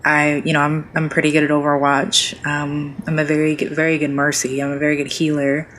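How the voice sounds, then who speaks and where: A woman's voice: deep voice, monotone, brisk, a bit bright, a little hiss or hum, rough recording. A woman streamer chatting casually as a podcast guest, rambling with many fillers and restarts.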